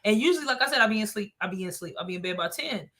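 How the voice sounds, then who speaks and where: A woman telling stories in a casual chat. She is animated, laughs often and swears freely. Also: mid-range voice, racing.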